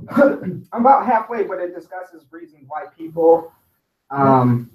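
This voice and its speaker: A man co-hosting a casual podcast chat, rambling with lots of fillers and quick laughs. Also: sits high, lively intonation. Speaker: podcast co-host. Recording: echoey room.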